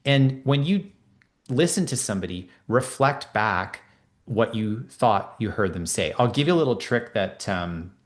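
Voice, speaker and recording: Speaking a little slowly in a lowish voice, a middle-aged man who works as a leadership coach lays out ideas during a podcast interview, voicing quoted exchanges with lively character voices.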